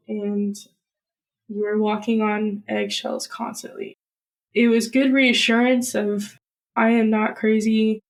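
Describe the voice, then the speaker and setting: A woman's voice: on the high side, creaky, rough recording. A young woman earnestly recounting a personal story in a podcast interview.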